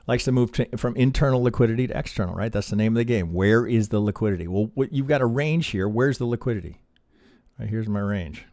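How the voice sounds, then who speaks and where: A man's voice: lowish voice, fast, darkish tone, no room sound, studio quality. A man teaching on a live stream as he reviews trading charts, thinking aloud and checking in with a constant "right?". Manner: peppers talk with rhetorical questions and "right?".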